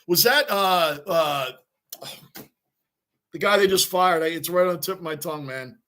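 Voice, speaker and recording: A man's voice: fairly high pitch, moderate pace, fairly bright tone. A man hosting a live sports reaction stream, chatting with viewers, greeting them by name and ranting about the game.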